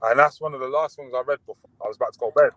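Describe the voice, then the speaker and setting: A young man talks over a video call, relaxed and rambling, full of fillers and false starts. His voice sits at a middling pitch in a dry, close recording. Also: very fast, dry recording, muffled recording. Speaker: guest boxer.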